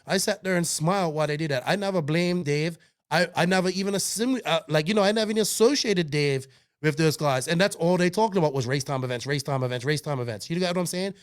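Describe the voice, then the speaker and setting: A man co-hosting a podcast, talking in an animated, defensive way, with frequent swearing and restarts. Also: a little high, quick pace, clean tone. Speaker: podcast co-host. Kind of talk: heated casual podcast chat.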